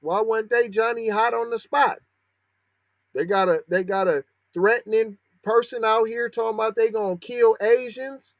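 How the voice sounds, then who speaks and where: High-pitched and speaking at a moderate pace with fairly even intonation and no echo, a man hosts a podcast, reading out a news article. He answers it in sarcastic, slangy asides that build into heated outrage.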